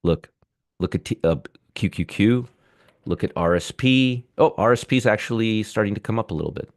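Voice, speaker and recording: A man's voice: on the low side, a little fast. A man hosting live market commentary, ranting sarcastically and muttering over charts as he reads them.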